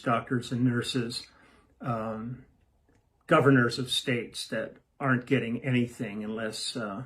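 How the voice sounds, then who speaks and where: A man, a musician hosting his own video series, chatting casually to camera and often breaking off mid-thought. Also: mid-range voice. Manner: rambling, self-interrupting, easygoing.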